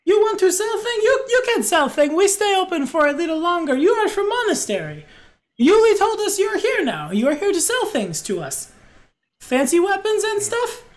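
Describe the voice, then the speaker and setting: A woman's voice: very high-pitched, sing-song, normal speed, pitched above the performer's own voice. A woman voicing eager female creature merchants who speak in broken English.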